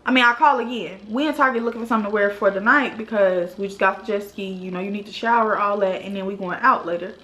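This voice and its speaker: A young woman vlogger telling a storytime in an animated, exasperated way, full of casual slang. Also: medium pitch, quick pace, few pauses. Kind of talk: storytime vlog. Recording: roomy echo.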